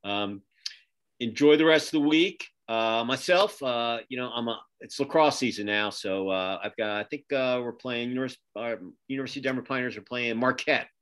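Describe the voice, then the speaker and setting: Here a middle-aged man closes out a casual interview at a moderate pace, his medium-pitched voice fairly bright and clean. He hosts a podcast and publishes a magazine, joining by video call from his home office and rambling through many fillers and restarts.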